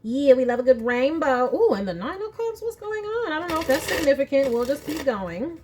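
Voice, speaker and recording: Woman doing a tarot reading at home, fairly high voice, muses out loud over each card, faint hiss behind. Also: sing-song, a little fast. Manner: chatty, thinking aloud while shuffling and drawing cards. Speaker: tarot reader. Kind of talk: casual card-reading chat.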